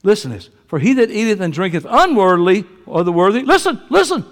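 A man preaching a sermon, folksy and joking, swinging from quiet asides to loud preaching. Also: high voice, big pitch swings, fast, few pauses, long reverb tail. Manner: folksy, joking, uses y'all and ain't. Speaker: pastor. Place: church sanctuary.

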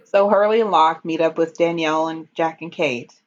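A woman's voice: sits low, steady tone, moderate pace, muffled recording. A woman in casual chat, recapping a TV episode. She is chatty, laughs often and reads out lines in passing. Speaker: podcast co-host recapping a TV episode.

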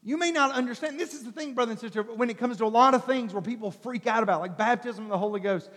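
A man pastor preaching an animated sermon, swinging between shouts and soft coaxing as he acts out voices. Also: very high-pitched, quick pace. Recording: long hall reverb.

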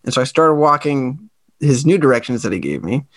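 An American man co-hosting a podcast, telling a travel story in a lively, casual way and acting out the people in it. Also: medium pitch, fairly quick, no room sound. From United States. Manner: animated storyteller who acts out quoted people. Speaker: podcast co-host.

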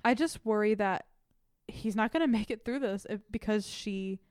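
A young woman co-hosting a podcast, recapping a TV episode in casual chat, animated, swearing freely and laughing often. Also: medium pitch, normal speed, dry recording, clean studio sound. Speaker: podcast co-host.

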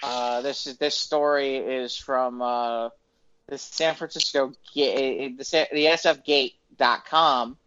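A man's voice: medium pitch, steady tone, takes it slowly, fairly bright tone, clear, resonant tone, dull audio. A man hosting a casual comedy news podcast, playful with announcer flourishes and rambling restarts. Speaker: podcast host.

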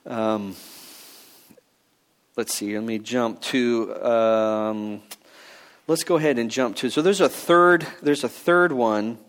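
A man preaching a sermon in a conversational teaching style, pausing with fillers and restarts as he works through his points. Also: medium pitch, smooth. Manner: mock-voices other views in quoted asides. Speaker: pastor.

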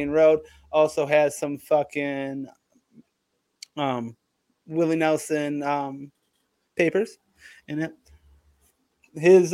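A man's voice: on the high side, darkish tone, smooth, no room sound. Profane, rambling man telling tall tales. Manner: rambling, profane, hyped storytelling. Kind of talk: casual comedic chat.

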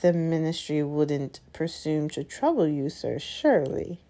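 A woman's voice: deep voice, animated, a little slow, mellow. A woman voicing an oily, fawning male shopkeeper in an audiobook reading. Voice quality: oily, ingratiating.

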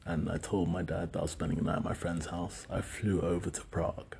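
Low gravelly man, rambling monologue, halting with fillers, faint background hiss. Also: level tone, a little mellow. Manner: rambling, hesitant with many fillers. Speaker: solo speaker recounting dreams. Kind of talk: casual monologue.

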